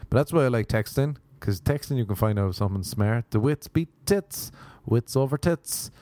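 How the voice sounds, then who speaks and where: A man's voice: mid-range voice, animated, moderate pace, warm tone, no room sound, studio quality. A young Irish man doing a rambling, sardonic stand-up comedy routine. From Ireland. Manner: rambling, sardonic observational storytelling.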